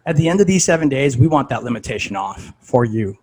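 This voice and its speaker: A man's voice: medium pitch, lively intonation, fast talker, darkish tone, husky, rough recording. A man talking casually as a fitness coach, conversational and full of "like" and "right?".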